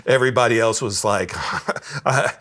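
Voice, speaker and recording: A man's voice: mid-range voice, fairly quick, a bit bright. A man telling stories in a casual interview, easygoing, laughing often and repeating words as he starts sentences. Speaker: guest musician.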